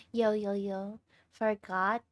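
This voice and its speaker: A woman's voice: mid-range voice, no room sound. A tired young woman livestreamer chatting casually with her viewers and laughing often. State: tired, sleep deprived.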